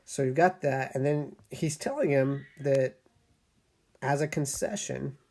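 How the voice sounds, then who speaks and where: Gravelly, mellow-voiced male teacher. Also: medium pitch, a little slow. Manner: explanatory, often checks in with "right?". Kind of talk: casual recorded lesson.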